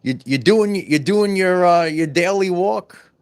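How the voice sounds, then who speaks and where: A friendly elderly seaman, gentle and halting, repeating his words as he speaks, put on by a man. His voice sits well above the man's usual pitch and comes out a little louder. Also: smooth. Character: elderly tall male former sailor, friendly.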